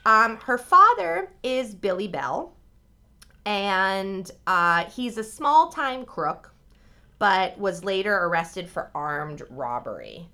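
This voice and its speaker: Young woman co-host, bright tone, lively pitch, giggly and casual, swears freely. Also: takes it slowly. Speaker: podcast co-host. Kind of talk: casual chat and storytelling.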